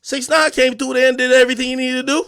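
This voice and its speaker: Male streamer host, high voice, loud profane trash talk dropping to low mutters. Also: level tone, fast talker, gravelly, clear, resonant tone, no echo, studio quality. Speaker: livestream host. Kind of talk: ranting livestream talk.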